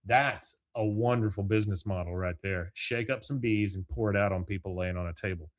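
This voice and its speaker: A middle-aged man, speaking on the low side at a fairly quick pace, hosts a solo podcast from home over morning coffee. He recaps a cartoon episode in a rambling, casual way, tossing in chuckling asides.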